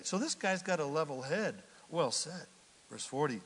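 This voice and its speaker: A man preaching a sermon as pastor, folksy and animated, with sudden loud bursts. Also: on the high side, moderate pace, big-room sound.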